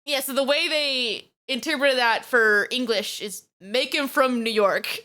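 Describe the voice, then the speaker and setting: A woman streamer giving casual reaction commentary, animated and giggly, with lots of filler words. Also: high-pitched, measured pace.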